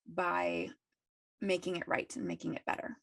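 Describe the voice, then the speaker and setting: A woman's voice: lowish voice, steady tone, moderate pace, creaky, no room sound, studio quality. A woman co-hosting a spiritual podcast, talking earnestly and encouragingly. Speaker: podcast co-host. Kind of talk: casual spiritual chat.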